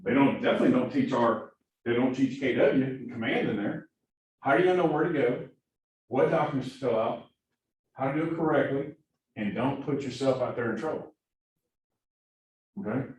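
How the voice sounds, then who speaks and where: Energetic coach with a Southern accent. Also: male voice, mid-range voice, moderate pace, pauses often. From Missouri. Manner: energetic, keeps asking "right?". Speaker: productivity coach. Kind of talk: classroom training talk. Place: classroom. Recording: echoey room from far off, faint hiss.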